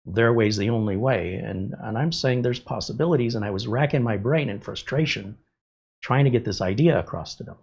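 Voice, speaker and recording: A man's voice: medium pitch, a little fast, creaky, darkish tone, slightly rough, muffled recording. A middle-aged man hosting a livestream, candidly telling a personal story in casual talk. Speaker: host. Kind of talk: livestream chat.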